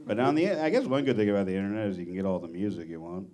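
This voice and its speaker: A man doing a stand-up comedy set on a club stage, with a deadpan, self-deprecating delivery. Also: fairly low pitch, rapid-fire, a crowd in the background. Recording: live club audience. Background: laughing audience.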